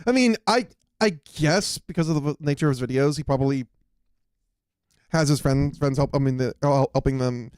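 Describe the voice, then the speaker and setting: A man streaming, reacting to a video in casual commentary, excitable and stumbling over restarts. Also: mid-range voice, moderate pace, smooth, no room sound, clean studio sound.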